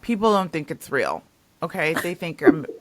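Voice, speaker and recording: A woman hosting a casual interview, speaking thoughtfully with pauses and fillers. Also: low voice, very animated. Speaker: podcast host.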